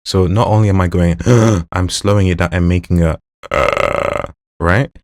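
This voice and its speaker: A man's voice: low voice, steady tone, normal speed, darkish tone, no room sound, studio quality. A young man, a voice actor, casually explaining and demonstrating vocal techniques in a playful way. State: throat strained. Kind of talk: casual voice-acting demo vlog.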